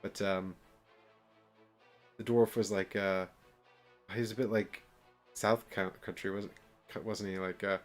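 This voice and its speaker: A man's voice: lowish voice, little pitch movement, a little slow, pauses often, soft background music. A man streaming a board game, chatting casually and self-deprecatingly while reading the game text aloud.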